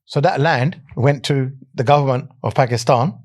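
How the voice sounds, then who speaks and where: A man's voice: mid-range voice, normal speed, no room sound, studio quality. A man in his forties, a lawyer and podcast guest, telling stories bluntly and slipping into Punjabi. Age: 40s. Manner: blunt, storytelling, switches into Punjabi. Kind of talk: casual podcast chat.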